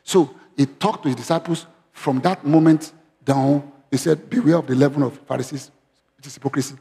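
A man's voice: fairly high pitch, brisk, creaky. A male pastor, preaching a sermon in church and often asking the congregation questions. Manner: interactive, asks congregation questions; animated, raising voice when quoting. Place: church hall. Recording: long hall reverb.

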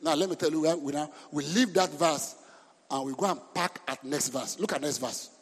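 A man preaching a sermon as pastor, lively and breaking into sudden shouts. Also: a little high, moderate pace, husky. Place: church hall. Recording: reverberant church hall.

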